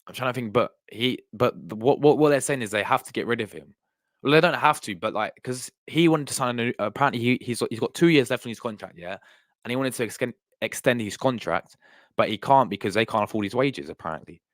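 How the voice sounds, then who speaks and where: A man's voice: medium pitch, quick pace, no echo. Rambling young man, dry sound. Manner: rambling, repeats himself, talks to chat. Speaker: live stream host. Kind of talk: casual live-stream chat.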